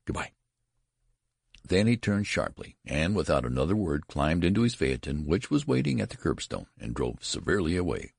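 A man narrating a story as an audiobook reading, with dramatic, expressive delivery. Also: rumbling low, creaky, breathy edge, no echo, clean studio sound.

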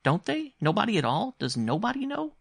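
A man's voice: sits high, huge pitch swings, a little fast, creaky, fairly bright tone, no room sound, pitched above the performer's own voice, exaggerated voice. A man reading a story aloud, voicing a curious, insistent young boy who keeps asking questions. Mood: questioning. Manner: eager, questioning.

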